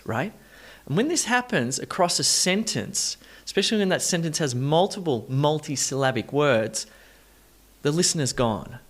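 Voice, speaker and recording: A man's voice: on the high side, lively intonation, moderate pace. A man teaching English pronunciation in an online lesson, talking emphatically and with enthusiasm, stressing words to demonstrate them.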